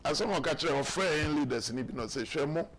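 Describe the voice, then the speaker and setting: Husky Ghanaian man, emphatic. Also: on the high side, lively intonation, fairly quick, fairly bright tone. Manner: emphatic, mixing Twi and English, acts out quotes. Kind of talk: political talk show discussion.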